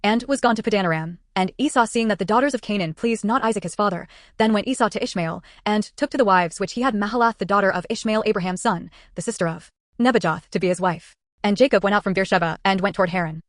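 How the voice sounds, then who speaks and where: Woman, scripture narration, fast pace, steady cadence, dry close sound. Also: medium pitch, dry recording. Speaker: Bible reader.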